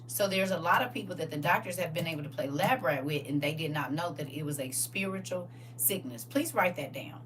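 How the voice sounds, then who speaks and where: A woman's voice: sits low, a little fast, hardly any pauses. Older lady doing a live stream from home, telling stories, laughing, reading comments, kinda far from the phone with a little hum. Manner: animated storytelling, laughing often, reading viewer comments aloud. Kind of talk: casual live-stream chat. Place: at home, indoors.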